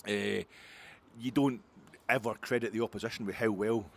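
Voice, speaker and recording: Excitable Scottish man, rambling football talk. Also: on the low side, normal speed, gravelly, a little hiss or hum. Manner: excitable, rambling, swings between muttering and loud outbursts. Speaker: football podcast host. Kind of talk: post-match fan reaction monologue.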